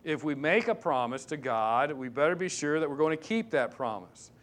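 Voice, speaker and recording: A man preaching with a voice pitched a little above the usual male range. He hammers key words through repetition and swings from raised, insistent stresses to quiet, hushed lines. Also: lively intonation, normal speed. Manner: emphatic, swings between loud and hushed. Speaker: pastor. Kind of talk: sermon.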